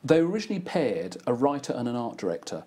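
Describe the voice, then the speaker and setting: A man's voice: mid-range voice, sing-song, fast, dark tone. An older man who works as an advertising writer and producer, chatting casually and acting out quoted exchanges in his stories. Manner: anecdotal, acts out quoted exchanges. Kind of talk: casual conversation.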